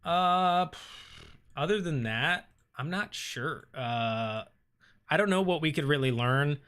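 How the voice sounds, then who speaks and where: A man's voice: fairly high pitch, lively intonation, takes it slowly, fairly bright tone, clear, resonant tone. A man hosting a casual livestream, reading viewer comments aloud and answering them with lots of ums and uhs. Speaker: streamer reading live chat.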